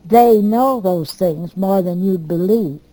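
Older woman, American, unhurried storytelling, mellow tone, dry close recording. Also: medium pitch, no room sound, rough recording. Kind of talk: oral history reminiscence.

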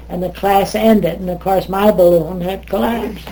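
An older American woman telling stories in an interview, lively, wandering, and often correcting herself. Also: medium pitch, a little slow, hardly any pauses, rough recording. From United States. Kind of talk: oral history storytelling.

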